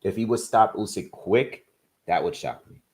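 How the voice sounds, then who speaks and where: Man, low-pitched voice, livestream host, casual chat, home setup, rattles off viewer shout-outs. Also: expressive. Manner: rattles off viewers' locations in quick bursts; thinks aloud with restarts when giving his predictions.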